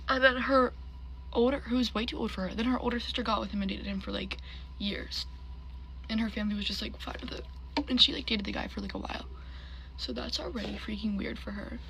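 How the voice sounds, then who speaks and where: A woman's voice: medium pitch, creaky, bright, forceful tone, a little hiss or hum, rough recording. A young woman chatting while she gets ready on camera, gossipy and full of fillers. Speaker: storyteller. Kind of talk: get-ready-with-me storytime vlog.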